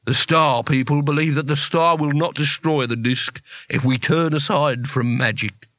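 A resigned old dwarf jeweller mutters in a slow, world-weary murmur, as a man does the voice in a storybook reading. The sound is dry and close, bright in tone. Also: on the high side, fairly even intonation, dry recording, close to an everyday voice.

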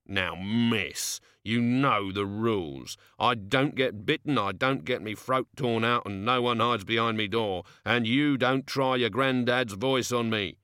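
A man voicing a grumpy working-class male doorman who talks low, gruff and muttering. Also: a little slow, few pauses, pushed and bright, dry recording, studio quality. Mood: grumbling.

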